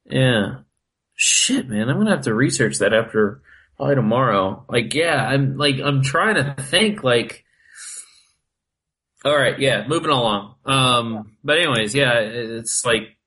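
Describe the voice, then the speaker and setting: A man's voice: mid-range voice, expressive, a little slow, pushed and bright, husky, low-quality recording. A man co-hosting a podcast in loose casual chat, swearing a lot and filling his talk with "like". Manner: loose, heavy swearing and filler "like". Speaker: podcast co-host.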